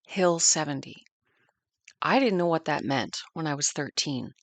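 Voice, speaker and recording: Gravelly woman in her 50s telling a family war story, earnest and thoughtful, dry close sound. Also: low voice, lively intonation, normal speed, fairly bright tone, no room sound. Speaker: podcast narrator. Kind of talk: scripted history narration.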